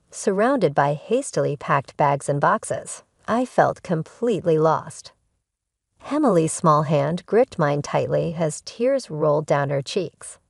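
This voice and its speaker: A woman narrating a first-person family drama, emotional and pointed. Her voice is low and gravelly, with lively swings in pitch. The recording is close and dry. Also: dry recording.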